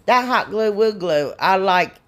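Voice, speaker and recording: Slow-talking folksy woman. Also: mid-range voice, expressive, fairly bright tone. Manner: folksy, self-deprecating, rambling. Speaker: DIY crafts channel host. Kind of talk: casual craft tutorial chat.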